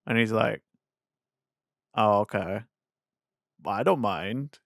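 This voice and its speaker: A man's voice: medium pitch, unhurried, pauses often, no echo. A young man co-hosts a casual podcast, with a mid-range voice. He retells scenes with acted-out quotes and drops in slangy asides like bruh and man. The recording is dry and close. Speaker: podcast co-host. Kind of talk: casual chat.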